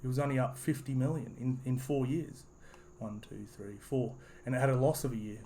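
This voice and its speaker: A man's voice: medium pitch, steady tone, fairly quick, dark tone, a little hiss or hum. A man giving a casual, rambling opinion monologue, full of restarts and "you know"s. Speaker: sports commentary vlogger.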